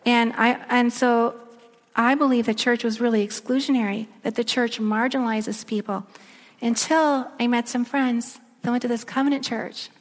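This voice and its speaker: A woman giving a sermon, telling a story and dropping to a soft near-whisper at emotional moments. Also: a little high, steady tone, moderate pace. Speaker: speaker. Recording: echoey long reverb of a large room.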